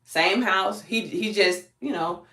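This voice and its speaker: A woman's voice: medium pitch, takes it slowly, a bit bright, echoey room, a little hiss or hum. Southern woman quizzing her live audience. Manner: folksy, quizzes the audience, calls them y'all. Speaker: real estate agent. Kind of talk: live-streamed teaching talk.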